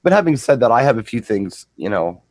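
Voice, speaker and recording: A man's voice: mid-range voice, sing-song, a little fast, no room sound, rough recording. A middle-aged man and co-host, chatting casually and telling a rambling anecdote, often repeating words as he restarts. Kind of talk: casual chat, storytelling.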